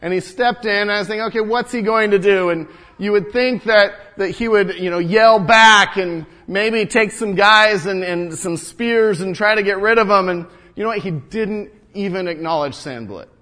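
A man's voice: high-pitched, moderate pace, hardly any pauses, sharp tone. A man playing an earnest, indignant wall-builder and father from ancient Jerusalem, telling his story in the first person and tripping over repeated words. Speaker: first-person biblical character monologue.

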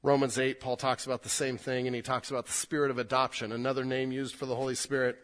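A middle-aged man preaching a sermon, swinging from loud, emphatic scripture reading to quiet, intimate asides, often repeating words as he restarts. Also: medium pitch, fast talker, few pauses. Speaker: pastor.

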